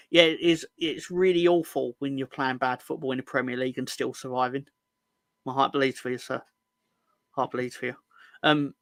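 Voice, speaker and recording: A man's voice: medium pitch, sharp tone, no echo. A man co-hosting a casual football fan chat, full of sarcastic, sweary banter. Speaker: podcast co-host.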